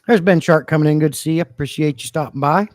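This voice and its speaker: A man's voice: on the high side, fast talker, no room sound. Guy rambling on his fish stream, kinda tired but joking around, dry close mic. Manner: playful, rambling, jokey with chat. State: a bit low-energy. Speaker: fish-keeping livestreamer. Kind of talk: casual livestream chat reading comments. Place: home fish room.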